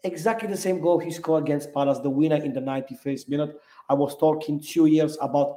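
A man's voice: fairly high pitch, quick pace, mellow. Enthusiastic man in an echoey room. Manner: enthusiastic, slightly non-native English phrasing. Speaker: podcast co-host. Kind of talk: casual football chat.

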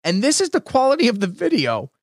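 A man's voice: very high-pitched, huge pitch swings, quick pace, no room sound, clean studio sound. A man hosting a casual comedy chat show from his bedroom, telling stories animatedly with laughing asides. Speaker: host.

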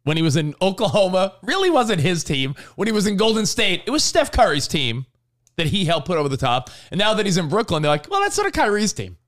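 A man co-hosting a casual sports talk show, arguing his points in an animated, rambling way. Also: high-pitched, fairly quick, no room sound, clean studio sound.

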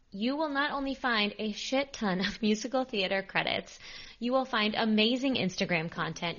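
A woman's voice: medium pitch, fairly bright tone. Upbeat chatty girl hosting a podcast, jokes at herself, kinda muffled audio. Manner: upbeat, chatty, self-joking. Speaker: podcast host. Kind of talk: casual podcast chat. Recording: slightly dull lo-fi sound.

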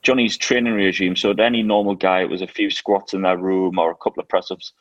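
Man, low voice, dry close sound, lively anecdotal co-host. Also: quick pace, no echo, muffled recording. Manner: lively anecdotal storyteller, laughs often. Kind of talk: casual chat.

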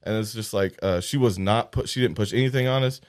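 A man's voice: lowish voice, fairly quick, darkish tone. A man with a Southern US accent, co-hosting a casual podcast chat, drawling, swearing freely and defending his folksy pronunciation. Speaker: podcast co-host.

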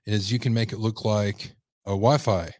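A man hosts a livestream, reacting and reading viewer comments in a loose, rambling way. His voice is on the low side. The sound is dry and close. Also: fairly even intonation, normal speed, a little mellow, no room sound. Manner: casual, rambling, reads chat aloud. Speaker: host.

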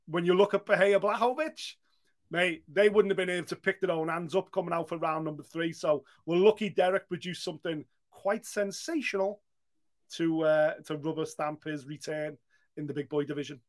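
A man's voice: a little high, fairly quick. A British man co-hosting a sports podcast, chatting casually and animatedly, swearing freely and acting out quotes. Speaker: podcast co-host.

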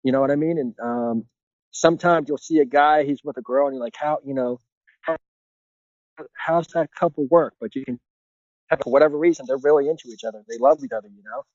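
A middle-aged man talks in a loose, earnest way, circling his points with lots of filler words. His voice sits at an ordinary pitch. The recording is dry and a bit dull. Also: quick pace, a little mellow, no echo. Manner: rambling, heavy on filler phrases, earnest. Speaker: podcast guest. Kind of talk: casual conversational interview.

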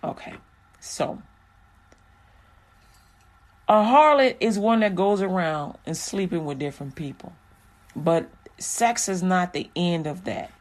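A woman's voice: lowish voice, expressive, slow, pauses often. A woman teaching a Bible passage in a casual, frank and joking way, with lots of fillers.

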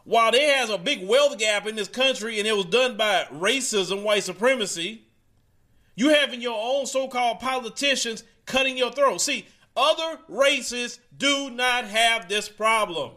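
A man's voice: very high-pitched, measured pace, sharp tone. A man delivering a heated opinion monologue straight to his audience, preachy and casual, mocking the people he quotes. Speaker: commentator.

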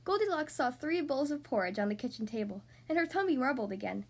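A woman hosting a podcast, reading a storybook aloud to young children in an expressive, animated way. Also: high voice, quick pace, breathy edge.

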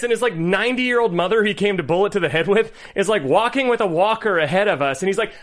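A man's voice: high-pitched, animated, quick pace, few pauses, a bit bright. A man co-hosting a casual movie podcast, telling stories animatedly and laughing often. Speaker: podcast co-host.

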